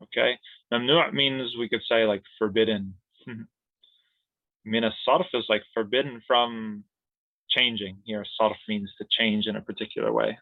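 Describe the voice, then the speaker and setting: A man's voice: fairly low pitch, steady tone, measured pace, gravelly, dry recording. Playful male grammar teacher on a tinny call. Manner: playful, jokey explanations with laughs and siren sounds. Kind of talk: online class lesson. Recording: tinny phone-like line.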